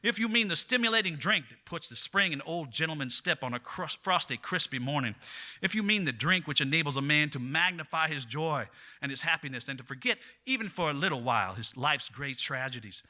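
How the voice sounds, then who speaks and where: Guy doing a loud southern politician, high ringing voice, all grand speechifying. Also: expressive, a little fast. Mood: oratorical. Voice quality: grandiose, declamatory. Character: booming Southern male legislator orating.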